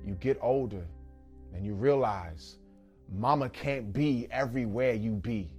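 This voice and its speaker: A man's voice: mid-range voice, unhurried, darkish tone, slightly rough, faint music behind. A man performing a spoken-word poem with a rhythmic, emphatic delivery. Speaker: poet.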